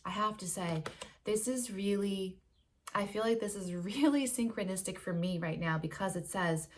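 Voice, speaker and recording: A woman on a casual spiritual vlog who reads oracle cards, talking earnestly and gushingly, stretching out words she wants to savor, laughing softly and sometimes dropping to a whisper. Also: medium pitch, normal speed.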